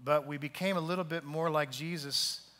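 A male pastor delivers a storytelling sermon, slipping into the voices of the people in his story and sometimes sinking to a hushed softness. His voice is bright and forward, pitched a little high for a man. It rings out into a large hall with a long reverb. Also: fairly even intonation, normal speed. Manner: storytelling, acting out quoted voices, dropping to soft hushed tones.

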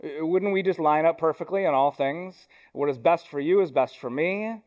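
A young man delivers a sermon in a church sanctuary. His voice sits slightly higher than most men's, and his tone is conversational, with self-deprecating asides. He speeds through some thoughts and slows deliberately on others. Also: darkish tone. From Ohio, US. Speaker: pastor.

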